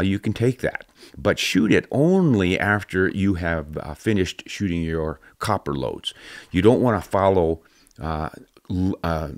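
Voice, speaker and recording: An older man with a very low voice hosts a podcast, chatting loosely and laughing often at his own jokes. The sound is dry and close. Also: dry recording. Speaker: podcast host. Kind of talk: casual podcast chat.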